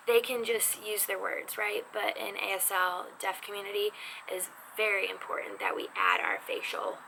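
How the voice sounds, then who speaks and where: A lively, chatty woman teaching a casual lesson, her voice full of gravelly fry at an average pitch. She talks in an animated, expressive way. Clear background noise runs under her voice. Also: normal speed. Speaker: sign language teacher. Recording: noisy background.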